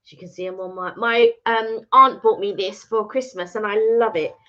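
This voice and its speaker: A woman's voice: mid-range voice, fairly even intonation, moderate pace, bright, forceful tone. A woman co-hosting a casual live chat from home, chatty as she greets viewers and adds asides. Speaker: co-host of a live chat stream. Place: at home indoors. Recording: slightly dull lo-fi stream audio.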